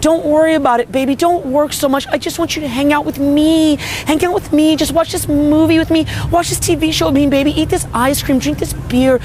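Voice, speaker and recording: A man's voice: very high-pitched, fairly even intonation, a little fast, hardly any pauses, a little mellow, slight background noise, voice pushed up. A man putting on the voice of a clingy wife, cooing in a sing-song tone.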